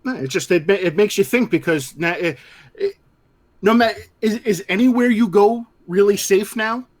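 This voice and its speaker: A man with a slightly higher voice chatting on a live geek show. He talks bluntly and with energy, and he swears freely. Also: moderate pace. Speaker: podcast co-host. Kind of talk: casual livestream chat.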